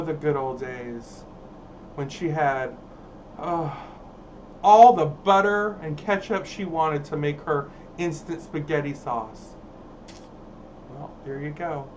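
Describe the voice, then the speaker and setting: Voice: medium pitch, far from the mic, highs cut off, a little hiss or hum. A livestream host, reading viewer chat in a sassy, dramatic, campy way.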